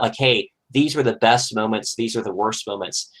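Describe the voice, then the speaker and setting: A man, a podcast host, speaking as a guest on an online panel in a relaxed, conversational way with frequent fillers. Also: fairly low pitch, normal speed, low-quality recording. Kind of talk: casual panel discussion.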